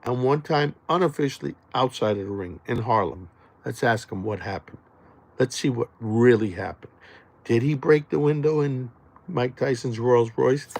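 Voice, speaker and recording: Man, podcast host, gravelly, jokey, loud then muttering, mid pitch. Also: normal speed. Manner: loud, jokey, swings between shouting and muttering. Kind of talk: hyped podcast promo monologue.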